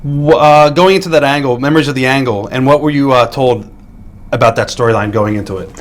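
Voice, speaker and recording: A man asks an interview guest a steady run of questions at a quick clip. His delivery is brisk and to the point, and he nudges the guest along. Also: medium pitch.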